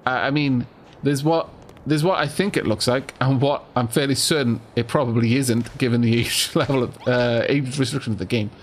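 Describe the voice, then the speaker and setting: A man's voice: medium pitch, steady tone, normal speed, few pauses, slight background noise. A young man casually commentating a game, playful and self-deprecating, stammering through asides. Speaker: let's play host.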